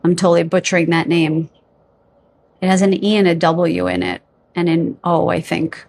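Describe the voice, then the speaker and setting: A woman giving a pick-a-card psychic reading to camera, feeling her way through names with hesitations and gently reassuring her viewers. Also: fairly low pitch, animated, moderate pace, long pauses, a little hiss or hum. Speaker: tarot card reader.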